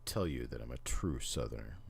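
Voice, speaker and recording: A man's voice: rumbling low, animated, a little fast, creaky, a little hiss or hum. A middle-aged man hosting a casual livestream, chatting and explaining things to his viewers. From Missouri, Oklahoma and Memphis, Tennessee. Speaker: livestream host.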